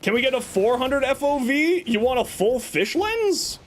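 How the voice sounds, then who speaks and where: Animated, high-voiced man streamer. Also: normal speed. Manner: chatty, greets viewers, teasing. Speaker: livestream host reading chat. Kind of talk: casual livestream chat.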